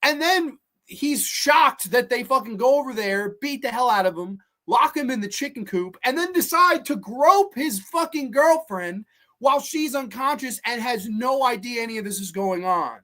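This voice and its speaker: A horror review host ranting through a film recap, profane, sarcastic and incredulous, with animated outbursts. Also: mid-range voice, moderate pace.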